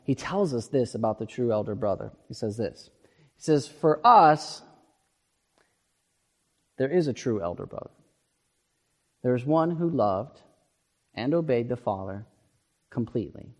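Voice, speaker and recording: A man's voice: mid-range voice, lively intonation, measured pace, long pauses. A male pastor giving an emphatic, earnest sermon and repeating words for stress. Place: church sanctuary. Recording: long reverb of a church sanctuary.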